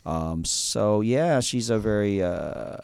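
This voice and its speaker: A man's voice: fairly low pitch, lively intonation, takes it slowly, creaky, darkish tone, clear, resonant tone, no room sound. A man hosting an interview, talking casually with lots of fillers and restarts, enthusiastic. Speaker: interview host.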